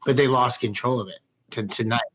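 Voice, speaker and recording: A man's voice: medium pitch, fairly even intonation, fairly quick, bright, forceful tone. Rambling podcast host, a man. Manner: loose, rambling, swears casually, frequent restarts. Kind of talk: casual podcast chat.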